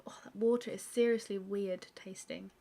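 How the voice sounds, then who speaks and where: Woman, live-stream art host, relaxed rambling chat, mid-pitched voice. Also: moderate pace, vocal fry. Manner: relaxed and chatty, many fillers, answers viewer questions. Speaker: artist hosting a live stream. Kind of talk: casual chat while drawing.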